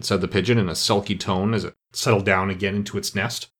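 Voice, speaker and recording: A man narrating a children's storybook with expressive delivery. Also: deep voice, fast, hardly any pauses. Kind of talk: storybook reading.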